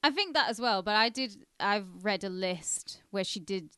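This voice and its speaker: A female podcast co-host in easy conversation. She cuts in with short, quick remarks and opinions. Her pitch is middling and the recording is dry and close. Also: expressive, bright, forceful tone, smooth, no room sound. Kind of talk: casual chat.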